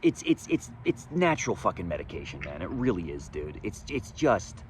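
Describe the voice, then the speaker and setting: A man telling his own story in a candid, profane monologue outdoors, swinging between loud emphasis and low muttering. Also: big pitch swings, moderate pace, a little hiss or hum. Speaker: vlogger sharing his recovery story. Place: outdoors, sunny day.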